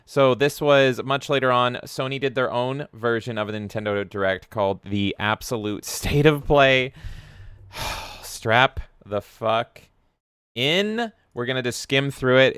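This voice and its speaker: A man's voice: medium pitch, animated, unhurried, fairly bright tone, clean tone, dry recording, clean studio sound. A man co-hosting a live-stream podcast who chats casually and with animation and swears often. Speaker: podcast co-host.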